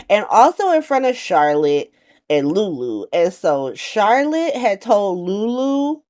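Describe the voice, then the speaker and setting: A woman giving a casual, slangy recap to camera, animated and profane, often laughing and slipping into quick playful voices. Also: sits low. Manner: does quick playful voices for quoted characters. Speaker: soap opera recap vlogger.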